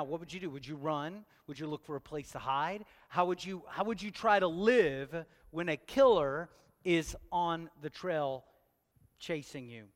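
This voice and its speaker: A pastor, preaching a sermon and joking with his congregation, asking them question after question. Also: on the high side. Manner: playful, talks straight to the congregation with questions. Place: church hall. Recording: long church hall reverb.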